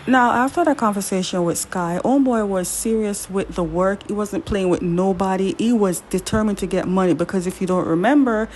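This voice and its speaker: A woman's voice: mid-range voice, brisk, few pauses, slight background noise, poor audio. Lady doing a casual show recap, chatty, fixes her own slips, gets all worked up with "why would you do that" questions. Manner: animated, indignant rhetorical questions; chatty, with frequent self-corrections. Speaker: drama series recapper.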